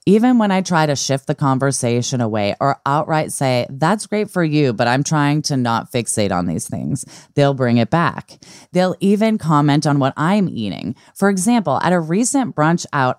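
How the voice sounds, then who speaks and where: A woman's voice: extremely low pitch, a little mellow, smooth, no room sound, studio quality. A woman co-hosting an advice podcast, reading a listener letter and chatting frankly and casually. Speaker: podcast co-host.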